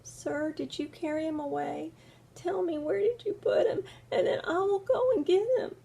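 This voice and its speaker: A woman putting on a high, pleading grieving woman. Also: normal speed, vocal fry, mellow. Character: grieving woman searching for the body.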